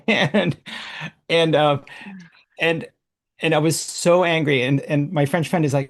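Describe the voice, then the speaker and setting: A man hosting a workshop, telling a casual, animated story full of restarts and laughs. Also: on the high side, moderate pace. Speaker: workshop host.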